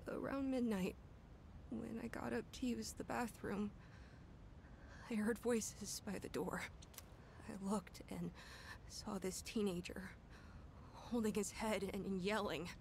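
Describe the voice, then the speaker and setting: A woman voicing a grieving, stubborn young boy in a video game, speaking softly and slowly. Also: medium pitch, fairly even intonation, vocal fry, a little hiss or hum. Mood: hushed. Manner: soft, hushed, pleading then bitter.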